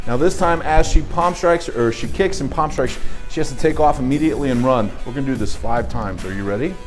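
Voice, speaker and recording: A man, a martial arts instructor, teaching a children's self-defense class with upbeat coaching and quick praise. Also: mid-range voice.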